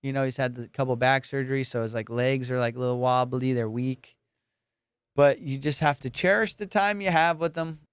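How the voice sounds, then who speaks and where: A man's voice: mid-range voice, moderate pace, clean tone, dry recording, studio quality. A man hosting a comedy podcast, rambling casually, swearing a lot and laughing often. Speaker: podcast host.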